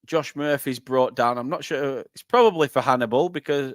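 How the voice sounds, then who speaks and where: A man's voice: a little high, a little fast, hardly any pauses, dry recording, clean studio sound. Chatty northern man on a football watchalong. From northern England. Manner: chatty, reads out viewer comments, bursts into excited play-by-play. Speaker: fan channel host. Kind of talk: live football watchalong commentary.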